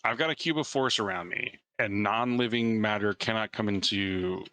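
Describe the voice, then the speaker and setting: A man's voice: on the low side, moderate pace, sharp tone, clean tone, no echo. A man playing in a tabletop game, casual and a little unsure about the rules. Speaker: player.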